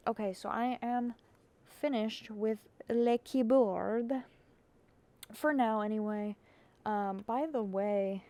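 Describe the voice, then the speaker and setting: A sleepy woman vlogs casually about her keyboard in a warm, medium-pitched voice. She rambles, giggles, and pokes fun at herself.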